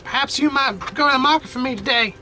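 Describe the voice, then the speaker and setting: A man voicing a kindly elderly grandmother in a high falsetto, soft and hesitant in his delivery. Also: quick pace, full character voice. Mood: gentle.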